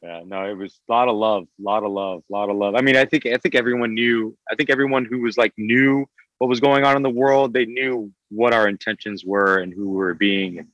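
A man with a fairly low voice, a guest filmmaker in an interview, rambling along with lots of fillers and half-started phrases. it sounds dry and close, with no room around him. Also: brisk, fairly bright tone, no echo, poor audio. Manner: rambling, many fillers and restarts. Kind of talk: casual interview talk.

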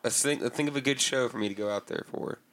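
A man's voice: medium pitch, fast talker, fairly bright tone. A man co-hosting a podcast in casual chat, joking, swearing and laughing through his words.

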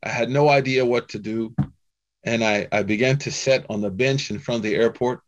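A man telling a personal story in a talk to a Muslim audience, chatty and animated, full of "you know" and "man". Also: medium pitch, moderate pace, lo-fi sound. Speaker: Muslim speaker giving a talk.

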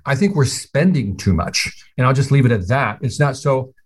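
A man's voice: medium pitch, lively intonation, moderate pace, slight background noise. A man talking as a podcast guest in casual, emphatic and opinionated chat, laughing easily.

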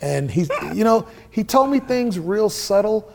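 Gravelly middle-aged man telling stories. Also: sits high, measured pace, slight background noise. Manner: profane, animated storyteller who acts out quoted dialogue. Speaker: interview guest, musician. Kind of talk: casual storytelling interview.

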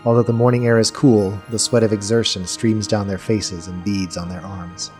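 Low-voiced male game master, soft music. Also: level tone. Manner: slow, descriptive storytelling. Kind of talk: narrating a tabletop game.

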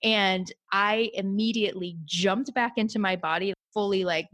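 A woman's voice: medium pitch, a little slow, hardly any pauses, fairly bright tone, dry recording. A woman with a mid-range voice tells a personal story in an easy conversational way. She is recorded dry and close to the mic. She sounds candid and thoughtful and laughs easily.

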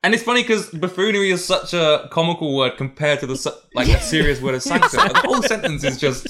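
A man's voice: a little high, very animated, fast, pushed and bright. Man, podcast co-host, casual chat, teasing, explains with laughter.

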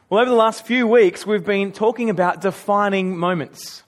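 High-voiced Australian preacher telling stories. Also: male voice, normal speed, few pauses. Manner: conversational storytelling with self-mocking humor. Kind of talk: sermon.

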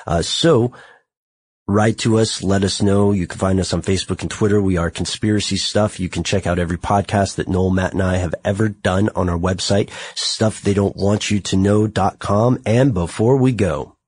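American male podcast host, very low husky voice, thoughtful, self-mocking. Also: fairly even intonation, moderate pace, darkish tone, no room sound. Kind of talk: podcast conversation.

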